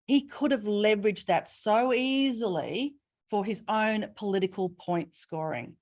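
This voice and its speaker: A middle-aged Australian woman giving a webinar keynote, telling stories with expressive emphasis and asking rhetorical questions. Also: mid-range voice, a little slow. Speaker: keynote speaker.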